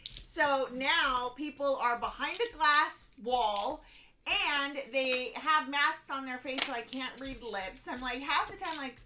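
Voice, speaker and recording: Slow-talking laughing woman co-host. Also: sits high, noisy background. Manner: laughs often, reads out super chats. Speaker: co-host reading donations. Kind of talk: casual live-stream chat.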